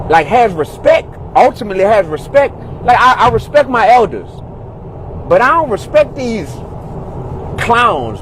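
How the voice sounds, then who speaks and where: A man's voice: very high-pitched, slight background noise, rough recording. A man delivering a heated, exasperated rant from a car, repeating the same exclamations again and again. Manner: exasperated, repeats "God, dog, bro". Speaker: commentator in a social media video.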